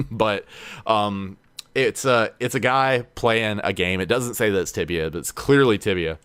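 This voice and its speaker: A young man hosting a casual podcast, telling animated stories, acting out quoted voices and laughing often. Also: fairly low pitch, a little slow, smooth. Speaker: podcast host.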